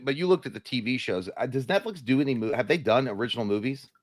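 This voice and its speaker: A man co-hosting a casual livestream discussion, laid-back and offering counterpoints, often trailing off quietly. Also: mid-range voice, lively intonation, quick pace. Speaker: podcast co-host.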